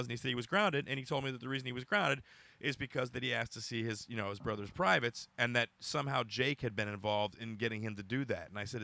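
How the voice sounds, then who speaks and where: A man's voice: mid-range voice, vocal fry, dry recording. A man hosting a podcast, telling a heated story in casual chat and acting out the other people's lines. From United States. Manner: heated, animated storytelling with quoted dialogue. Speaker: podcast host.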